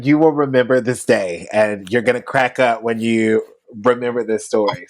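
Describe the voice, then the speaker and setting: A man co-hosting a podcast and recounting a story in a relaxed, chatty way. His voice sits at a middle pitch, with a laugh never far off. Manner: chatty, laughs while telling stories. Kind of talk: casual storytelling.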